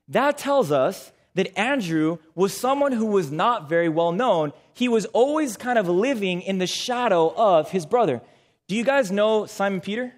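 A man's voice: high voice, animated, moderate pace. A young man preaching a sermon, engaging the audience with questions and calls for responses.

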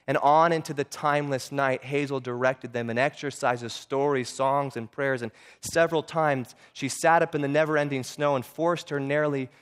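A man's voice: mid-range voice, clean tone. A man narrating a true-life story in an earnest way, now and then stumbling and repeating words.

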